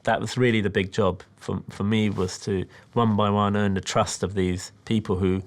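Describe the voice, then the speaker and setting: A man from Britain, a film director, calmly explaining how he made his documentary in a reflective, measured way. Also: on the low side. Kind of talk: interview about his documentary.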